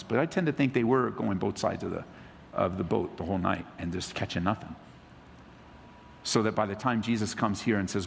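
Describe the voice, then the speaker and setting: A man's voice: on the low side, brisk, gravelly. A man preaching a sermon, telling the story with energy and acting out the quotes. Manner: animated storytelling, acts out quotes, laughs. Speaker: pastor. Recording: echoey hall reverb.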